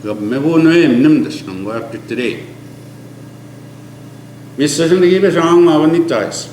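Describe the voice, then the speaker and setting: An older man giving an oral history, earnest and emphatic, mixing an Indigenous language with English, often dropping to a low quiet tone. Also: moderate pace, slight background noise. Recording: echoey room with faint ambience.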